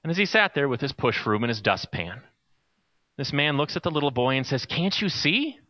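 Expressive male preacher telling a story. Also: medium pitch, fairly quick. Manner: expressive storyteller, softening to a quiet close. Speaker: pastor. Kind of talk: sermon. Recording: dull lo-fi recording.

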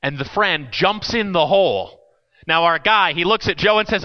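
A man preaching in a loose, conversational way, his higher voice rising and falling all over the place. He swings from loud bursts to near hush. The recording sounds dull, lo-fi and dry. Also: lively intonation, moderate pace, dry recording. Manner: conversational, with sudden dramatic swings between loud and hushed. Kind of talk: sermon.

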